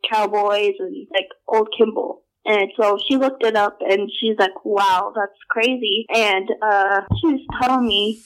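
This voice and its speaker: A young adult woman telling personal stories in a casual, halting way, full of filler words and restarts. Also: medium pitch, steady tone, poor audio. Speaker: storyteller.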